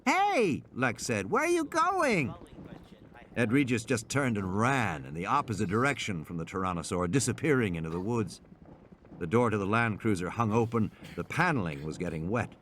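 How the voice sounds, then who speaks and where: Lively dramatic male audiobook narrator. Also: a little fast, a little hiss or hum. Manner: dramatic, lively pitch swings.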